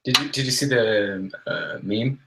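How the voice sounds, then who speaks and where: Low laid-back man, faint clicking. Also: expressive, a little slow, creaky, pushed and bright, a little hiss or hum, poor audio. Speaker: podcast co-host. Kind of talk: casual group chat.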